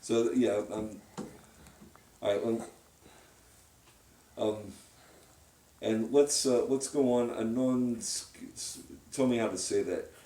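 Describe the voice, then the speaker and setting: A man's voice: mid-range voice, slow pace, long pauses, mellow, slight background noise. A man giving a one-on-one music lesson, talking hesitantly with many fillers and restarts. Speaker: composition teacher. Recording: roomy sound from a distance. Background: piano playing.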